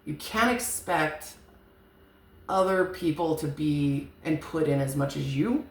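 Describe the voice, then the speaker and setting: A woman's voice: low-pitched, lively intonation, slow pace. A woman giving a casual, rambling tarot reading, frank and chatty, swearing now and then. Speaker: tarot reader. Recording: echoey room with faint hiss.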